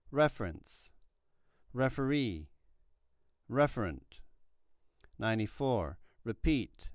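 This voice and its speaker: Slow, deliberate male pronunciation teacher. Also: lowish voice, no room sound, clean studio sound. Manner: slow, deliberate, clearly articulated. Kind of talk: reading numbered word lists aloud.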